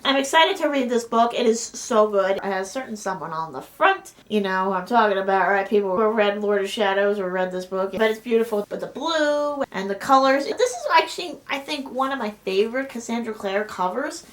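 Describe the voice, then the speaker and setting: A young woman talking casually in a book haul vlog, gushing with excitement and often repeating how excited she is. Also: mid-range voice, a little fast, few pauses. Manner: gushing, repeats "so excited", bursts into squeals and whispers. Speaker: book vlogger.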